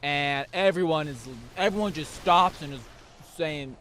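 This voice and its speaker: A man's voice: a little high, normal speed, a bit bright, a little hiss or hum. A young man hosting a casual chat, rambling through a recap with many restarts and fillers. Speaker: podcast host.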